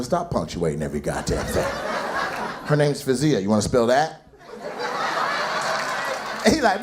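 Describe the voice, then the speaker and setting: A gravelly male comedian working the room live, his voice swinging wildly between low and high as he teases people in the seats. He talks slowly and with a mocking edge, swearing freely. A packed club roars with laughter and noise all around him. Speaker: stand-up comedian doing crowd work. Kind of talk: live stand-up crowd work. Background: laughing audience.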